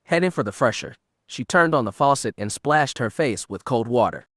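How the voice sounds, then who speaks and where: Steady and measured, a man's mid-range voice narrates an audiobook. The studio sound is clean and free of echo.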